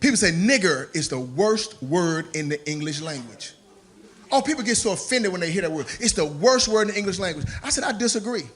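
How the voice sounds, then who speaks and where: A male stand-up comedian performing a set with an animated, punchy delivery. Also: high voice, brisk.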